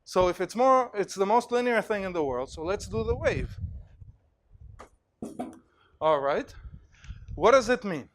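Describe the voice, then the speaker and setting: A male university lecturer giving an animated lecture in a hall, telling stories and acting out examples with plenty of fillers. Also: high voice, unhurried, long pauses. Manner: animated storytelling, acts out cheers, many fillers.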